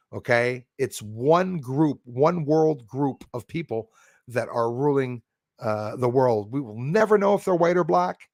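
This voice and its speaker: A man's voice: a little high, gravelly, no room sound, studio quality. A man from Canada hosting a casual livestream, talking in a rambling, heated, blunt way with many restarts. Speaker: livestream host reading chat.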